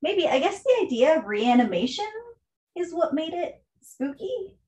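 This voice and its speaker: Woman co-host, slightly high pitch, relaxed and agreeable in book talk. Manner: easygoing, laughs often, quick to agree. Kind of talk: casual book-club chat.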